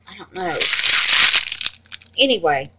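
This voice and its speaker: A woman's voice: on the low side, lively intonation, takes it slowly. A woman chatting to her viewers about her resin crafts, calling them babies and honey. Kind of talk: casual chat to viewers. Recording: noisy home recording.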